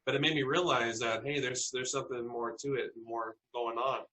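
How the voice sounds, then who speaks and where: A man from South Texas recounting eerie personal stories as a podcast guest. His voice is bright and forward, sitting in a middle pitch. He talks in an earnest, halting way, often restarting his sentences. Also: fairly even intonation, poor audio. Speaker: interview guest.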